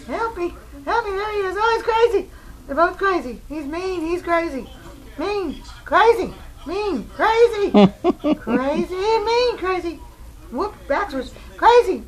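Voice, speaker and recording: A woman doing a squeaky, sassy house cat. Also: fairly bright tone, exaggerated voice, low-quality recording. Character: feisty house cat, playful, cranky, wild-eyed. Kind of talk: home video voiceover for pets.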